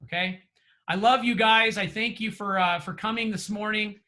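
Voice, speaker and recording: Bright high-voiced man, earnest trainer. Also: steady tone, moderate pace. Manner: earnest, encouraging, with many fillers and restarts. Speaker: real estate trainer. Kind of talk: motivational closing remarks. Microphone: video call.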